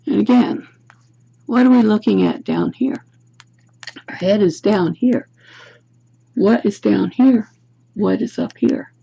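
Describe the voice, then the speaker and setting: Speaking slowly with long pauses, a tarot reader addresses the camera from a room at home, pondering aloud and posing reflective questions. Her medium-pitched voice is gravelly, husky, and dark, captured dully by the camera's built-in mic.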